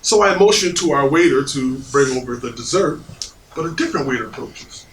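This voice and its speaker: An actor playing an earnest, nervous father of the groom, telling a story with animated impressions on a small theater stage. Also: medium pitch, a little fast, close to an everyday voice. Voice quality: animated storyteller, puts on a pompous French waiter voice. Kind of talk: stage play acting. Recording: echoey theater stage from far off, audience noise.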